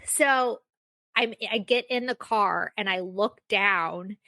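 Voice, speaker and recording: A woman's voice: medium pitch, slow pace, bright, forceful tone, dry recording. A young woman hosting a casual solo podcast, telling a self-mocking story with lots of fillers. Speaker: podcast host.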